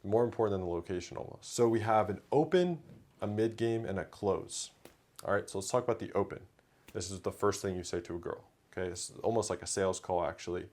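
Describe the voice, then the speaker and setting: A man coaching viewers in an instructional video monologue, with a steady, coaching delivery. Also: on the low side, quick pace. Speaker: dating coach.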